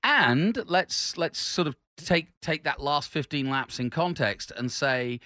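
A man with a bright, clear-edged voice chats casually on a motorsport podcast. He talks haltingly, pausing and restarting often, and likes to explain the rules at length. The sound is close and dry. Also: medium pitch, expressive, no room sound. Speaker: podcast co-host.

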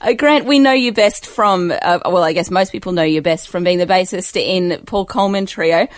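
A woman's voice: lowish voice, normal speed, dry recording. Dry-sounding woman interviewer. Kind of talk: conversational interview.

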